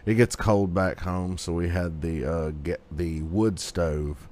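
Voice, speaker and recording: A man's voice: low-pitched, fairly even intonation, slow, a little mellow, a little hiss or hum. A man in casual podcast chat, laid-back, giving short agreeing replies and swearing casually. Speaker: podcast co-host.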